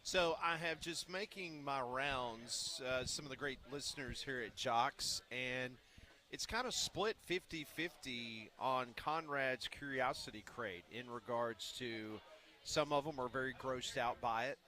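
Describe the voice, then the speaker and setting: A man co-hosting sports radio, chatty and teasing as he tells a story. His voice is bright and forward, at a middle pitch for a man. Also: unhurried. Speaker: radio co-host. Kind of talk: casual studio banter.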